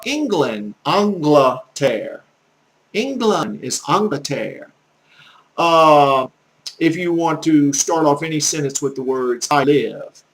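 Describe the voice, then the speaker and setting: A man with a Southern US accent giving a casual, rambling home-made French lesson, with lots of "uh" fillers and slow, drawn-out French words. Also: on the high side, vocal fry, fairly bright tone. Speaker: amateur French teacher.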